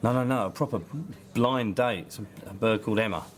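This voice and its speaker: Wry man, low voice. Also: brisk. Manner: wry, self-mocking banter. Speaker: lead character in a sitcom. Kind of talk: scripted sitcom dialogue.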